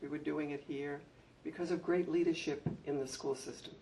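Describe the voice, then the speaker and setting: An older man recalls his years running a school, telling heartfelt stories that turn animated when he acts out an anecdote. His voice is gravelly and sits a bit high. He is recorded from a distance, with a faint hum in the background. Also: brisk. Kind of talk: reminiscing talk at a public event. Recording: distant mic with faint room noise.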